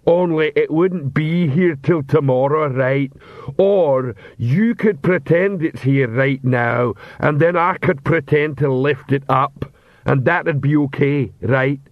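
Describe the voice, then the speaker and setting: A man voicing a big, dim, cheerful male troll guard who talks in a slow, plodding, earnest way. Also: a little high, no echo. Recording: dull, dry audiobook recording.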